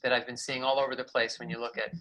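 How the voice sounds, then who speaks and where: Bright-voiced man teaching a video lesson. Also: medium pitch, little pitch movement, fast talker, rough recording. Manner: clear explanatory delivery with vocal demonstrations. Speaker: communication coach.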